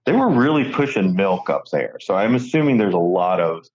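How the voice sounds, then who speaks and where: A man's voice: deep voice, very animated, fairly quick, darkish tone, lo-fi sound. A man co-hosting a podcast, telling stories in a rambling, jokey way with lots of restarts. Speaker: podcast co-host. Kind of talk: casual comedic chat.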